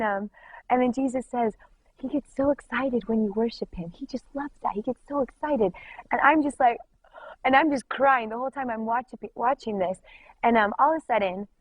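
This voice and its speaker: A woman's voice: medium pitch, no room sound, rough recording. A young woman giving an emotional personal testimony, talking earnestly and filling her story with "like". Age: young adult. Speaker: worship leader giving a testimony.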